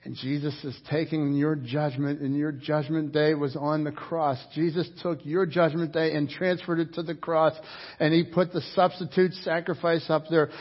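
A man's voice: on the high side, little pitch movement, moderate pace, muffled recording. A man preaching a sermon, passionate and emphatic, often repeating words as his intensity rises and falls. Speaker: pastor.

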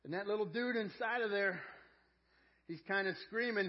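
A man preaching a sermon as a pastor. He is earnest and folksy, repeats words as he searches for them, and swings between loud emphasis and quiet intensity. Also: sits high, expressive, a little fast. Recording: dull lo-fi church audio.

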